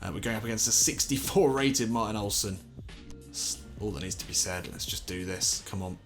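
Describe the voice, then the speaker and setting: A young man commentating his own football video game, getting excited and swearing when things go wrong. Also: lowish voice, a little fast, soft background music. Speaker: gaming commentator. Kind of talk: let's play commentary.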